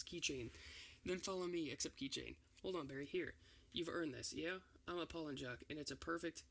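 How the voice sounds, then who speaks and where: Man, ASMR script reading, steady even delivery, raspy creaky tone. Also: on the high side, a little hiss or hum. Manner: reads every part in one steady voice with few changes. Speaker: ASMR reader.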